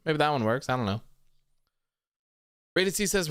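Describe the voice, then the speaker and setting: A man hosts a livestream in relaxed, casual chat. His voice is smooth and clear at a middle pitch, and the sound is dry and close. He reads out viewer comments and reacts offhandedly, swearing freely. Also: normal speed, long pauses, no room sound. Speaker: wrestling stream host.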